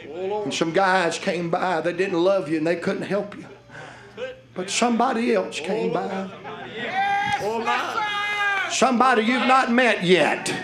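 High-pitched preacher man, slow and shouty, folksy sermon, live church crowd behind him. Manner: fervent, shouting, folksy, drawn-out phrasing. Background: congregation.

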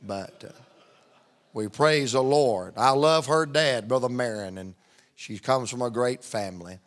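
A man's voice: mid-range voice, measured pace. Man, middle-aged, visiting preacher, folksy, joking, storytelling. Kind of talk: humorous sermon opening.

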